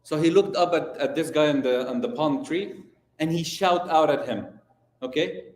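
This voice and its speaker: Animated imam giving a lesson. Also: male voice, on the high side, moderate pace. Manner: animated, storytelling, asks the audience questions. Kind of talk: religious lesson. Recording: roomy echo.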